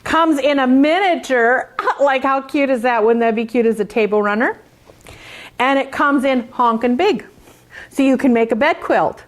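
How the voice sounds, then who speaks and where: A woman's voice: sits high, moderate pace. A woman who designs quilt patterns, giving a chatty hands-on craft demonstration, sassy and joking and playfully boastful.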